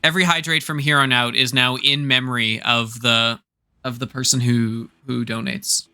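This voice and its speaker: A man's voice: mid-range voice, flat delivery, moderate pace, bright, forceful tone, smooth. A man casting a VR esports match with casual, teasing banter toward his co-casters.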